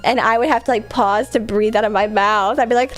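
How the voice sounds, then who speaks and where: A woman streamer chatting casually with a stuffy, congested nose, rambling and laughing often. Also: a little high. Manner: rambling, filler-heavy, frequent laughs.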